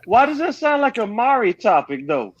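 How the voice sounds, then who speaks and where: A man's voice: extremely high pitch, sing-song, moderate pace, muffled recording, a little hiss or hum. A man chatting and joking as a guest on a live panel, laid-back. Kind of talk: casual call-in chat.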